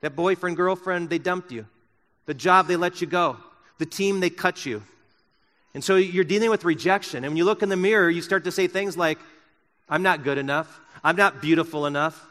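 Bright-voiced preacher in an echoing hall. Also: male voice, high-pitched. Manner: impassioned preaching, swinging from loud emphasis to soft and slow. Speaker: pastor. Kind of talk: sermon. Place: church sanctuary.

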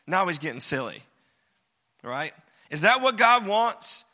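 Man, pastor preaching, high and very bright voice, joking and conversational, lingering hall reverb. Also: big pitch swings, unhurried, long pauses. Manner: conversational, joking, emphatic repetition. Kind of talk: sermon.

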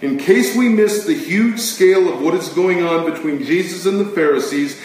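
A man preaching a sermon with emphatic delivery, swinging between loud declarations and hushed words. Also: high voice, normal speed. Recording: very echoey room, distant mic, faint noise.

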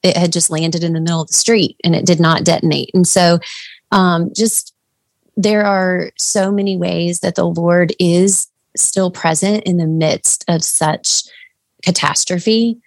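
Low-voiced earnest woman, dry sound. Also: steady tone, unhurried, no echo. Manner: earnest and reflective, with many fillers. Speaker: podcast co-host. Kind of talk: casual faith chat.

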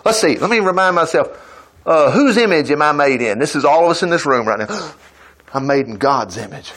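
A man's voice: on the high side, lively intonation, normal speed, a bit bright. A man preaching a sermon at a church service, retelling a Bible story with folksy asides and laughter.

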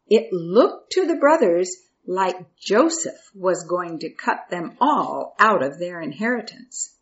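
A woman's voice: mid-range voice, dull audio. A woman telling a Bible story for children, asking her listeners questions and then answering them herself.

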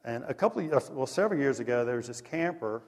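Animated preacher in an echoing hall. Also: male voice, medium pitch, fast talker. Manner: animated, conversational storytelling with lively swings in loudness. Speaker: pastor. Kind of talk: sermon. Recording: long echo of a large hall.

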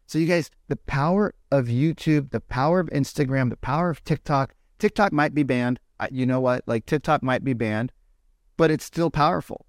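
A man giving a lively coaching talk to real estate agents, often checking in with "right?". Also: medium pitch, normal speed, dry recording, clean studio sound. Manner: animated, peppers lines with "right?".

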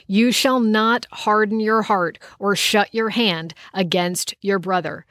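A woman's voice: medium pitch, dry recording, clean studio sound. A woman teaching a Bible study lesson, reading verses aloud and explaining them in an emphatic, conversational way.

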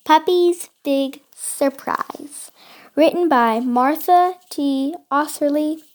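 A woman's voice: high-pitched, slow, darkish tone. A woman reading a children's storybook aloud, carefully and with small slips. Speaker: storybook reader.

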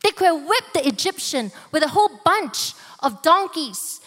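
High-voiced woman preaching in a hall. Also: very animated, fairly bright tone. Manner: dramatic, slow emphatic delivery with voiced quotes. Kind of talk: sermon.

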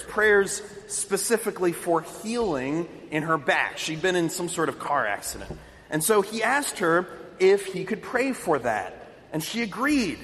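Lively, high-voiced male preacher. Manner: storytelling, emphatic. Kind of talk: sermon. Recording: long hall reverb.

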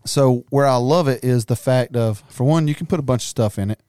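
A man with a drawl talks hunting gear in an easygoing, rambling way. His voice is smooth and clean, recorded close and dry with no room sound. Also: medium pitch, fairly quick, warm tone, dry recording. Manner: laid-back, rambling, laughs often. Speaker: podcast co-host. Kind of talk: casual chat.

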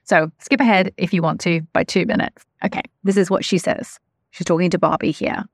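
A woman's voice: on the low side, fairly even intonation, no room sound, clean studio sound. Earnest woman hosting a podcast. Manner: earnest, reflective, measured. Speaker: podcast host. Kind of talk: solo podcast monologue.

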